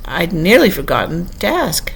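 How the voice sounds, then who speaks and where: A woman's voice: on the low side, sing-song, moderate pace, vocal fry, breathy edge, heavily acted. A woman reading the lines of a grinning, teasing cat in a storybook, sly and matter-of-fact.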